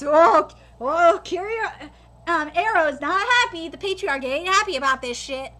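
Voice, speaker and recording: An excitable woman reacts live to a manga she is reading aloud, exclaiming and swearing freely. Her voice is very high and strikingly bright, and her pitch swings widely. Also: moderate pace.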